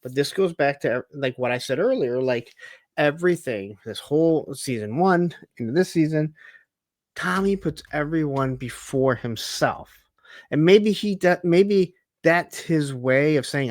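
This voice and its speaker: A man's voice: a little high, expressive, unhurried, dry recording. A man co-hosting a casual TV recap, talking in a reflective, chatty way with frequent "like"s. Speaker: podcast co-host.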